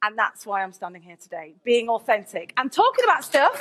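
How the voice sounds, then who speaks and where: A woman, a teacher giving a candid, lively conference keynote with asides to the audience. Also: fairly high pitch, fairly quick, hardly any pauses, slight background noise. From England, Nottingham.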